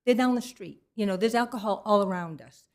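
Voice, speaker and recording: Middle-aged woman, mid-pitched, earnest and unrehearsed, stumbling over her words at a public comment. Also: darkish tone. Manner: halting, earnest, many restarts. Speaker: resident speaking at public comment. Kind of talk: unplanned public comment at a council meeting.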